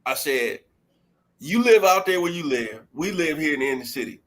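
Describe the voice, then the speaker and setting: Forties man, co-host; bright, lively storyteller who laughs a lot. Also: on the high side, normal speed. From Detroit. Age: 40s. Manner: animated storyteller, laughs often, acts out quotes. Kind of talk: casual reminiscing chat.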